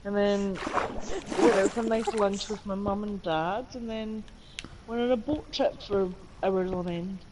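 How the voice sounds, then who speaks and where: A woman's voice: medium pitch, a little slow. A woman chatting on a gaming stream, teasing and exasperated with her co-host. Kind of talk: casual gaming chat. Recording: background noise.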